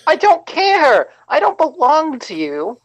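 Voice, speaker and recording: A woman playing in a tabletop game, given to loud, indignant outbursts. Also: sits high, wildly swooping pitch, takes it slowly. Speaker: player. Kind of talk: casual tabletop role-play.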